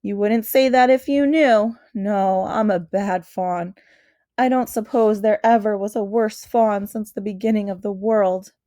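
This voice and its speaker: A woman's voice: medium pitch, fairly even intonation, a little slow, dark tone, dry recording, clean studio sound, natural voice. A woman voicing a courteous, remorseful male faun in a storybook reading, earnest and anxious in manner. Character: gentle, fretful male faun.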